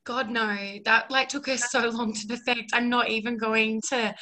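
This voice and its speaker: A woman actor chats casually on a podcast, enthusiastic, laughing and saying "like" a lot. Not American herself, she says she practises an American accent. Her voice is a little high and sharp in tone, with little pitch movement, at normal speed.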